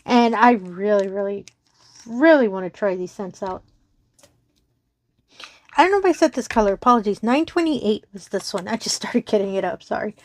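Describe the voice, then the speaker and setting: A woman's voice: mid-range voice, moderate pace, long pauses, no room sound. A woman from Texas, chatting casually to her viewers at home in a bubbly, giggly, apologetic, rambling way. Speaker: crafting channel host.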